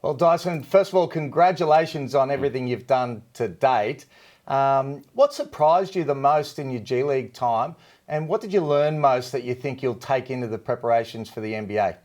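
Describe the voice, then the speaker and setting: A man's voice: medium pitch, moderate pace, darkish tone. A man co-hosting a basketball show, heaping hearty praise on guests. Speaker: co-host. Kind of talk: studio sports show hosting.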